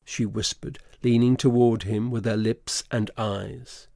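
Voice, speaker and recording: A man narrating a classic story for an audio drama in a measured, literary reading. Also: on the low side, fairly even intonation, gravelly, mellow, no echo, clean studio sound.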